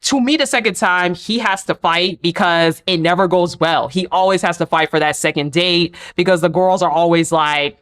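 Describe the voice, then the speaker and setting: A young woman giving a casual recap of a reality dating show, animated and chatty, often answering the cast in quoted asides. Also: fairly low pitch, normal speed, hardly any pauses. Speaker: TV recap reviewer.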